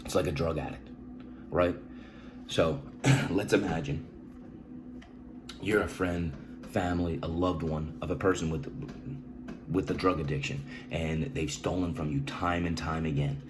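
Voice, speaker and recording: A man giving earnest advice, emphatic and repetitive, often asking "right?" and clearing his throat between halting restarts. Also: sits low, steady tone, background noise. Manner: emphatic, repeats key phrases, says "right?" often. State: emotional. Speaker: vlogger sharing personal experience. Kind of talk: earnest direct-to-camera advice talk.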